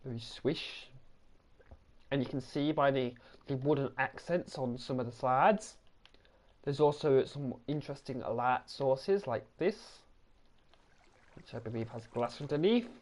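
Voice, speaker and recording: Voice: medium pitch, a little slow, long pauses, darkish tone. A gaming channel host, giving a casual, rambling tour of a game world, correcting themselves and repeating the same praise.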